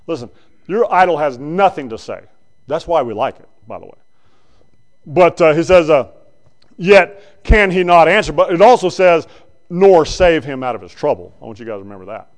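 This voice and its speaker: A male preacher giving a conversational sermon that swings between loud bursts and quiet asides. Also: a little high.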